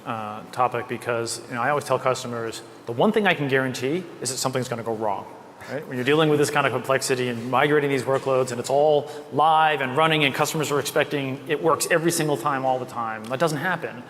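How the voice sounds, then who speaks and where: A male interviewer speaks rapidly in an upbeat, conversational way. His voice sits at an ordinary pitch. The sound carries the long echo of a conference hall over a faint hum. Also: a bit bright. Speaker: host and interviewer. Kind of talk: panel interview.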